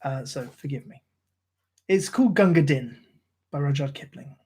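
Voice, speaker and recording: A man's voice: fairly high pitch, expressive, normal speed, darkish tone, breathy edge. A middle-aged man reading poems aloud on a live stream, with dramatic delivery, a put-on London soldier's voice, and chatty, self-deprecating asides. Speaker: poetry reader on a live stream. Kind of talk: poetry recitation.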